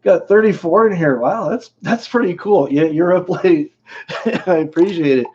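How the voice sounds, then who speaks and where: A man's voice: sits high, moderate pace, darkish tone, muffled recording, a little hiss or hum. A man hosting a live stream in casual chat, rambling, laughing often and greeting viewers by name.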